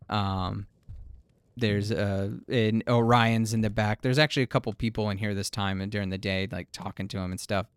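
A man's voice: fairly low pitch, clear, resonant tone, no echo, studio quality. A man narrating as game master of a tabletop role-playing game, loose and rambling, often laughing.

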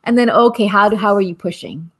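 A woman's voice: mid-range voice, quick pace, slightly rough. A woman in her forties telling a personal story in an impassioned, earnest way, repeating phrases in a rhythmic cadence. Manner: rhythmic, repetitive, earnest, with soft laughs. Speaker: guest speaker, activist.

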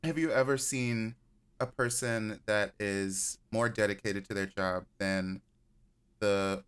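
A man talks as a podcast guest in a smooth, bright voice. He jokes and rambles in an animated way. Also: fairly low pitch, takes it slowly. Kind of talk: casual chat.

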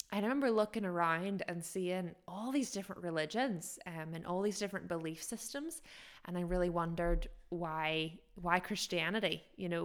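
A woman co-hosting a casual podcast tells a personal faith story. Her voice sits a little low, and she sounds earnest and reflective as she searches back through her memories. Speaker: podcast co-host.

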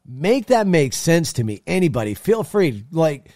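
A man's voice: fairly high pitch, sing-song, measured pace, dark tone, dry recording, studio quality. A man hosting a call-in talk show, ranting bluntly and swearing freely. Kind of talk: opinionated political talk.

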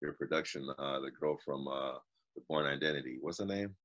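A man's voice: extremely low pitch, a little fast, a bit bright, dull audio. A man hosting a casual video-call chat, slangy and laid-back with many fillers.

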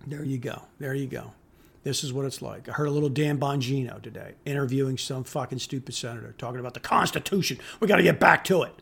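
A man's voice: mid-range voice, fast talker, vocal fry, few pauses, fairly bright tone, breathy edge. A middle-aged man hosting a solo podcast, ranting angrily and with contempt, swearing freely and repeating key words for emphasis. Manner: angry, contemptuous ranting with profanity; emphatic repetition. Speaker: podcast host.

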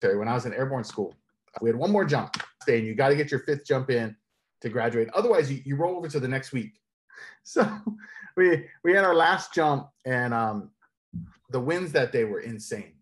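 Male interview guest, middle pitch, lively storyteller who laughs often. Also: normal speed. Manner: animated, laughs often while telling stories.

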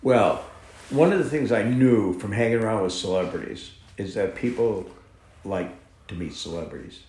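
A man being interviewed, telling a long anecdote with lively shifts in voice as he acts out the people in it. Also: fairly low pitch, moderate pace. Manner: animated, acts out dialogue in the story. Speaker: interview guest, horse farm owner. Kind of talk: anecdotal storytelling. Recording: roomy echo.

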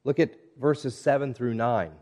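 Earnest male preacher, measured delivery. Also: medium pitch. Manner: measured, earnest preaching with scripture readings and soft, hushed passages. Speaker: pastor. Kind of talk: sermon.

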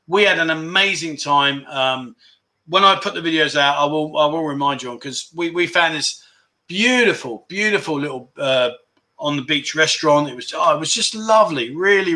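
A middle-aged man, talking on a relaxed livestream. His voice is bright and a little high, and his chat is upbeat and rambling. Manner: chatty, enthusiastic, repeats words for emphasis. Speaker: livestream host. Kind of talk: casual livestream chat reading viewer comments.

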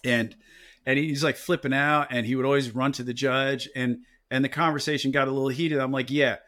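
A man with a New Jersey accent, an injury lawyer co-hosting a podcast, telling courtroom stories in casual chat with lively mimicry. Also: mid-range voice, a little fast. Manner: storytelling, animated mimicry of opposing lawyers.

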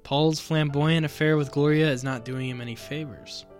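A podcast co-host in casual chat, laid-back and jokey, reading notes in a flat voice at times. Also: mid-range voice, moderate pace, faint music behind.

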